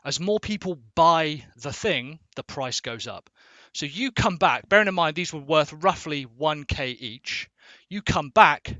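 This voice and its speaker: A man explains a topic off the cuff, informal and a little sweary, checking in with his listeners as he goes. His voice is bright and forward, recorded close and dry with no room sound. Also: on the high side, animated, a little slow, hardly any pauses, no room sound, dull audio. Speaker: explainer video host. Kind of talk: casual explainer.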